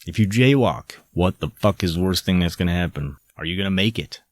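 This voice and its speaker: A deep, low-pitched man rants into the microphone, swearing often and dripping with sarcasm. The sound is dry and close, with no room around his voice. He hosts his own podcast. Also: brisk, no echo. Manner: profane, ranting, sarcastic. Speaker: podcast host. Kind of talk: angry monologue.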